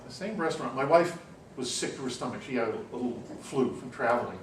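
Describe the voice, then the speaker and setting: A man giving a university class lecture, telling anecdotes in an animated, chatty way with frequent "you know"s. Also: mid-range voice, a little fast. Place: lecture room. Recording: roomy classroom, distant mic, faint hum.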